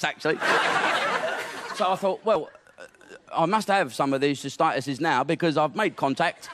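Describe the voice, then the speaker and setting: Bawdy, chuckling male comic, lively high voice. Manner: crude and chuckling, laughs through his lines. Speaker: stand-up comedian. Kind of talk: bawdy stand-up storytelling. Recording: very noisy recording.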